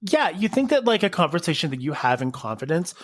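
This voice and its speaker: A man's voice: fairly high pitch, very animated, quick pace, no echo. A man speaking as a podcast guest, reflective and earnest as he talks openly about friendships. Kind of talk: candid conversational interview.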